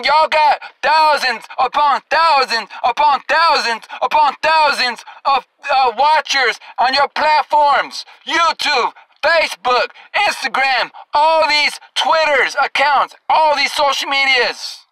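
Man, angry preacher, very high voice, slow drawn-out delivery, scolding and profane. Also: sharp tone, dry recording, poor audio. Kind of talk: angry confrontational sermon.

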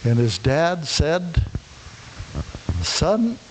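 A man preaching a sermon, his voice sitting at an ordinary middle pitch. He tells a parable in a storytelling way, voicing the characters and often restarting his words. A faint hiss runs under the recording. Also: a little slow, a little mellow, low-quality recording. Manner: retells a parable, acting out the characters, with frequent restarts.

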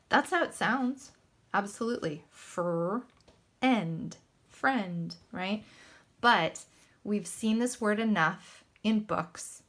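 A woman teaching a lesson to small children, speaking slowly and carefully. She sounds patient and encouraging, and she spells out words one letter at a time. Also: medium pitch, fairly bright tone. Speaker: first grade teacher. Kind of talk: recorded classroom lesson for children.

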